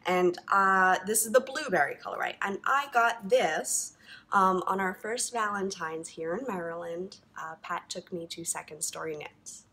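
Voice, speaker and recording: Bright, gushing woman knitting podcaster. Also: medium pitch, measured pace. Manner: chatty and gushing, lots of "um" and "like". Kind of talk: casual chat to camera.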